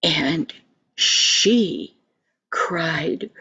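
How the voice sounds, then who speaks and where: An older woman telling a children's story in a gentle, sing-song manner, speaking to the listener directly. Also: low voice, expressive, very slow, slightly rough.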